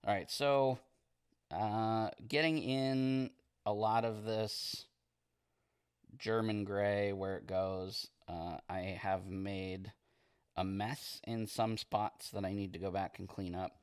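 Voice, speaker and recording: A man streaming as he paints miniatures, chatting casually in a relaxed, rambling way and reading viewer comments aloud. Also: lowish voice, slow, clean tone, no echo, clean studio sound. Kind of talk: casual livestream chat while painting.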